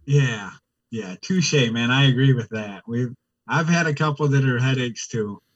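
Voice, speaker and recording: A man's voice: medium pitch, a little slow, highs cut off. A man from Wisconsin, a podcast host who chimes in with short, friendly reactions and teasing asides. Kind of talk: casual chat.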